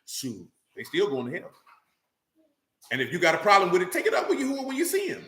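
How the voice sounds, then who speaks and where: A man, preaching a sermon, reading scripture slowly and asking rhetorical questions. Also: sits high, huge pitch swings, pushed and bright. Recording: echoey room with faint noise.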